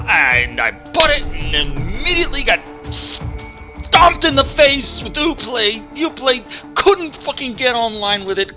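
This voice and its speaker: A let's play host ranting about getting a game to run, swearing freely and mocking the software in put-on voices. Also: high-pitched, vocal fry. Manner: exasperated, profane storytelling with mocking voices. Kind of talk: ranting gameplay commentary.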